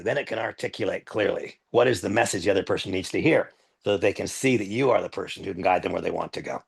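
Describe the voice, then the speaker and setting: A man's voice: mid-range voice, creaky, breathy edge. An older man giving a live training demonstration on a headset mic, earnest and emphatic, repeating his key points.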